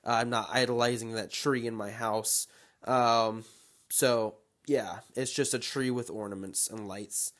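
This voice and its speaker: A man's voice: mid-range voice, a little slow. Fired-up young man ranting on his podcast. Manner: animated, rambling, gets fired up and ranting. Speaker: podcast host. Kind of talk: casual solo podcast chat.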